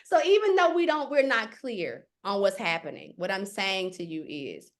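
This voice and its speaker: A woman teaching a live online astrology class in an animated, conversational way, often checking in with her listeners. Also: mid-range voice, moderate pace.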